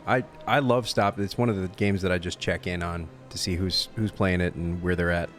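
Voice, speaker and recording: Male game streamer, very deep voice, tired and rambling, faint music behind. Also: steady tone, normal speed. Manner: rambling, with lots of fillers and restarts. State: tired and a little loopy late at night. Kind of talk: casual chat.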